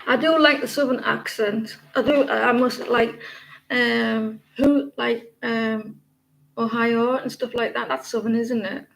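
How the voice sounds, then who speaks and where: Gravelly British woman chatting to viewers. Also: a little high, fairly even intonation, a little slow, a bit bright, poor audio. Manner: chatty, rambling, many fillers and restarts. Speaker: tarot livestream host. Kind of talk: casual livestream chat with viewers.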